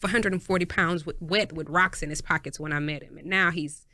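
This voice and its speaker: Texan woman podcast co-host, animated storyteller, bright voice, dry close mic. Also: brisk, no room sound. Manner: animated storyteller, acts out voices with big pitch jumps. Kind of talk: casual chat.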